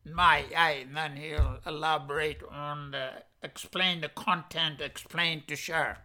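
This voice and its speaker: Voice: mid-range voice, fairly even intonation, unhurried. A language teacher going through a vocabulary lesson, saying each word, repeating it and defining it with a string of English synonyms, in a plain, patient way. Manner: plain, patient explaining with soft asides and small laughs.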